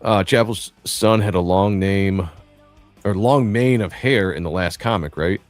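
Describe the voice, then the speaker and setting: A man's voice: low-pitched, a little slow, dry recording, faint music behind. A man hosting a casual comics livestream, reading chat aloud and teasing his co-hosts in a laid-back way. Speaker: livestream host.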